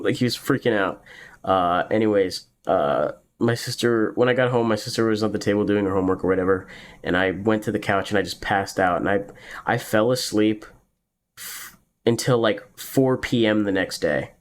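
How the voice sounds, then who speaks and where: A man's voice: lowish voice, moderate pace, a little hiss or hum. A young man telling a personal story in a casual, rambling way, full of fillers, now and then laughing at his own tale. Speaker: podcast host.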